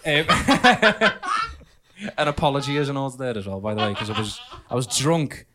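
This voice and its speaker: A man's voice: mid-range voice, lively intonation, moderate pace, noisy background. A man co-hosting a casual podcast, laughing often while he tells drunken pub stories. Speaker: podcast co-host. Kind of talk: casual banter with friends.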